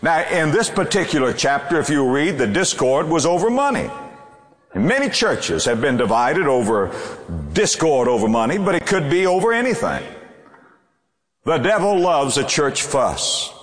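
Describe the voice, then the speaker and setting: A man's voice: mid-range voice, a bit bright. A male pastor preaching a sermon, his voice sweeping up and down in the rhythm of his delivery. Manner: preaching with sweeping rises and falls. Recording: echoey hall, long reverb.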